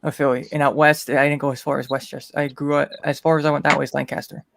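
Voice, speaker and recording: A man's voice: fairly high pitch, flat delivery, fast, gravelly, a bit bright, no echo, studio quality. A man from the Philadelphia area with an American accent, rambling animatedly as a guest in a group chat. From eastern United States.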